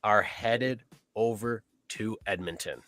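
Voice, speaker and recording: A man hosting a sports podcast, casually reading out game stats and betting odds in a steady listing way. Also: on the low side, slow pace. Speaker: podcast host.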